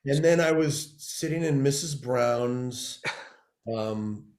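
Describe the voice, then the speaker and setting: Middle-aged man from California, interview guest, lively anecdotes with acted-out voices, mid-pitched, echoey room sound. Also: takes it slowly. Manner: animated storyteller who acts out quoted people. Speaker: guest, TV showrunner and actor. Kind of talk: casual storytelling interview.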